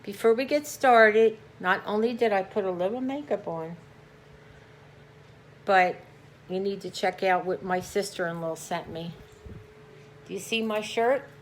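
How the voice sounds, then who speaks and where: Woman crafter, tired, chatty and rambling, mid-pitch voice, faint room hum behind her. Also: measured pace, long pauses. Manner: rambling, warm-hearted, with many restarts. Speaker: craft vlogger. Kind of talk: casual chatty vlog. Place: at home, on a couch.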